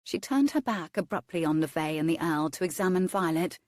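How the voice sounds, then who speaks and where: Low-voiced woman narrating romance. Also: animated, fairly quick, a little mellow, dry recording, clean studio sound. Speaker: audiobook narrator.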